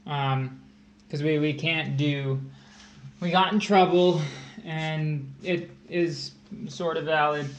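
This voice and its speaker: A man's voice: fairly high pitch, fairly even intonation, slow pace. A man tutoring test prep on a casual livestream, joking and rambling as he explains math. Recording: echoey room, faint hiss.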